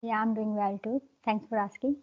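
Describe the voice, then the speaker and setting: A woman chatting on a call, polite and curious, with quick laughs and simple phrasing. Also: medium pitch, fairly even intonation. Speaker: conversation partner. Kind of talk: casual conversation. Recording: dull lo-fi call audio.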